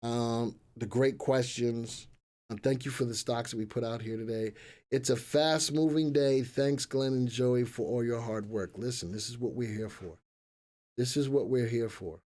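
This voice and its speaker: Male live-stream host, mid-pitched, casual and jokey, rambling asides. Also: steady tone, normal speed, mellow. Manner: joking, rambling, chatty asides to crew. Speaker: host of a live stock market show.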